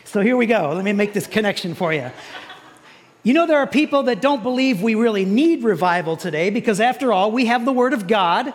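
A man with a high voice preaches to his congregation, casual and joking as he explains things. His voice rings with the long reverb of a large hall. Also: expressive, a little fast. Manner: jokey, conversational preaching with playful sound imitations. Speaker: pastor. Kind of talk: sermon. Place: church sanctuary.

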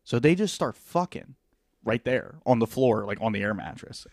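A man hosting a podcast, telling a crude story in casual, animated chat. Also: mid-range voice, normal speed, gravelly, no room sound, studio quality. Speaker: podcast host.

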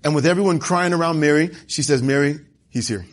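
Husky man preaching a sermon. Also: on the high side, brisk. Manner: conversational, dramatizes scripture dialogue.

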